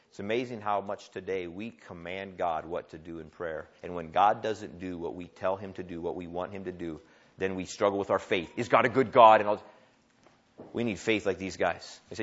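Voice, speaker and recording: A man preaching a sermon, telling a story with big swings from quiet asides to loud, excited lines. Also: a little high, moderate pace. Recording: dull lo-fi sound.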